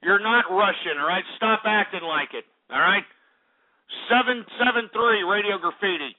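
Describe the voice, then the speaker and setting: A man hosting a call-in radio show, ranting furiously at callers and swinging into shouting and tearful outbursts. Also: high voice, moderate pace. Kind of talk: angry on-air rant. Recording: tinny lo-fi phone-like sound.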